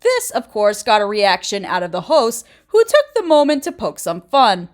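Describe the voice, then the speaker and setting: A woman's voice: mid-range voice, huge pitch swings, normal speed. A woman in her late twenties narrating a commentary video essay in a sassy, blunt, opinionated way. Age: 20s. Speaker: YouTuber.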